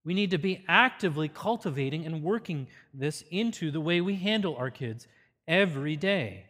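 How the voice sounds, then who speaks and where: Man, earnest seminar teacher, fairly high voice, lively intonation, long hall reverb. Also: normal speed. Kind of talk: faith-based parenting seminar talk.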